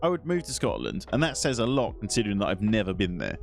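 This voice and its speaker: Animated, rambling man streaming. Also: lowish voice, fast talker, gravelly, soft background music. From England. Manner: swears, rambling, talks to chat. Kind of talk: casual live-stream chat.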